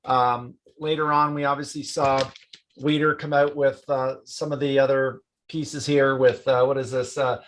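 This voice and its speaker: A man's voice: mid-range voice, level tone, moderate pace, slight background noise. A man hosting an interview in a loose, casual way, leaning on fillers as he introduces guests and topics. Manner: loose, hesitant, many fillers. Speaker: host.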